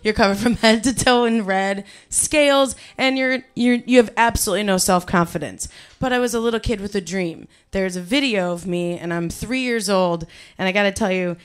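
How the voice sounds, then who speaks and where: A woman's voice: mid-range voice, normal speed, clear, resonant tone. Woman, Cleveland accent, live stage storytelling, comic, acts out voices. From Ohio, USA. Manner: animated, comic, acts out quotes. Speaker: storyteller guest. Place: club stage before audience.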